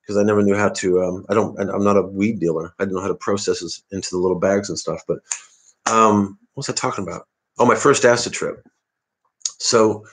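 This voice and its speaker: A man from the American Midwest, rambling and digressing through a casual live-stream monologue. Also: fairly low pitch. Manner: rambling, digressive, self-interrupting. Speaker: comedian hosting a live stream.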